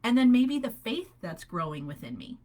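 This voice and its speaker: Animated woman coaching with upbeat conviction. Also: fairly high pitch, moderate pace. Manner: animated, upbeat, laughs often. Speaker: holistic health coach. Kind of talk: live faith-based coaching call.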